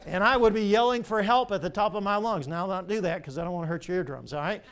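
An older pastor preaches in a high, ringing voice. He tells stories with animation and keeps asking the congregation rhetorical questions. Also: quick pace, smooth. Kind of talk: sermon.

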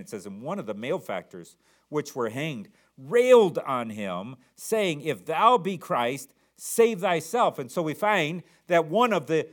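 A man preaching a sermon, reading King James scripture and repeating words as he builds each point. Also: mid-range voice. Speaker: pastor.

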